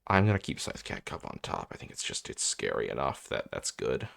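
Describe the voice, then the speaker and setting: A man's voice: very deep voice, wildly swooping pitch, brisk, creaky, a bit bright. A young man commenting on his own card game match as he plays, thinking aloud, swearing and getting exasperated. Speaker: content creator playing a card game. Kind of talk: gameplay commentary.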